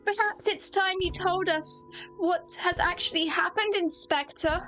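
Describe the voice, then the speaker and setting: A bright young woman detective from a video game speaks with breezy self-assurance, voiced by a woman reading aloud. Her voice sits high and chirpy. Game music plays clearly beneath. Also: steady tone, a little slow, exaggerated voice. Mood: confident.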